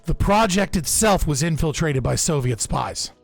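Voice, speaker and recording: A man's voice: fairly high pitch, lively intonation, normal speed, vocal fry, soft background music. A young man casually recounting political history on a podcast, loose and profane, often restarting his sentences. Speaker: podcast speaker.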